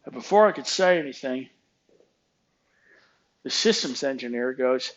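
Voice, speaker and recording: A man's voice: medium pitch, expressive, a little slow, muffled recording. A man telling a work story as a casual, exasperated rant, acting out both sides of the conversations. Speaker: vlogger ranting about work.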